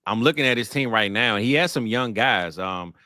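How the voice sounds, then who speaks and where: A man's voice: lowish voice, lively intonation, a little fast, pushed and bright, no echo. A man co-hosting a casual sports podcast, talking in a laid-back, slangy way and calling people "man". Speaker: podcast co-host. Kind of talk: casual chat.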